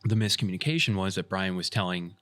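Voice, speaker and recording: A man's voice: low-pitched, fast. A man hosting a podcast, telling a story in casual chat and acting out the lines of the people in it. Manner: animated retelling, acts out quoted dialogue. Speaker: podcast host and airsoft field staff.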